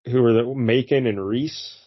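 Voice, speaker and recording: A man's voice: mid-range voice, steady tone, normal speed, husky. Man, podcast host, casual comic review, rambling, slightly dull sound. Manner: rambling, with many fillers and restarts.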